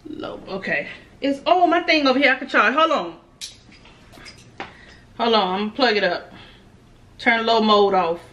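Lively, bright-voiced woman vlogger. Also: on the high side, moderate pace, pauses often, dull audio. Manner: chatty, laughs often, talks straight to viewers; nervous, giggly energy. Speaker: food vlogger. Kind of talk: casual mukbang vlog.

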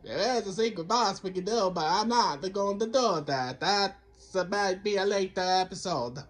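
A man's voice: high-pitched, normal speed. A man giving rambling let's-play commentary, talking to himself and the game, who keeps slipping into a Count Dracula-style voice and scolding himself for it. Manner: rambling, self-talk, talks to the game. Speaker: gameplay commentator.

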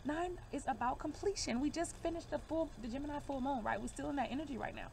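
A woman's voice: high-pitched, fast, creaky, darkish tone, slight background noise. A woman giving a casual card reading to camera, emphatic and reassuring, calling her viewers y'all and baby. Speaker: divination reader.

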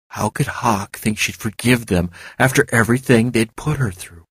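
A man reads fiction aloud in an even, measured way. His voice is husky and breathy, and the close mic keeps it dry with no room sound. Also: fairly low pitch, no room sound. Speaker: audiobook narrator. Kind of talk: scripted fiction narration.

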